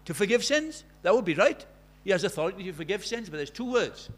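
A man's voice: high voice, sing-song, quick pace. A man preaching a sermon, asking rhetorical questions with emphasis.

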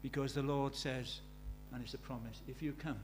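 A man's voice: mid-range voice, fairly even intonation, moderate pace, music in the background. A British man preaching a sermon, telling stories with emphasis and repeating key phrases.

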